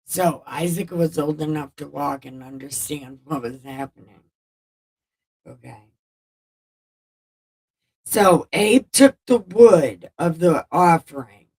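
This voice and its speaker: Irreverent woman host paraphrasing scripture, slow and low, a bit off-mic. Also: darkish tone, husky, distant mic, poor audio. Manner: irreverent, swears, loose paraphrase. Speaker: Bible-reading video host. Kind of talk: casual Bible retelling with commentary.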